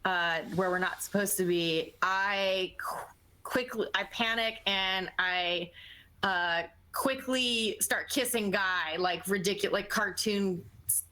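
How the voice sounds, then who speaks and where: Slow-talking woman with a bright voice. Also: mid-range voice, low-quality recording. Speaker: player. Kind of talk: casual tabletop game play.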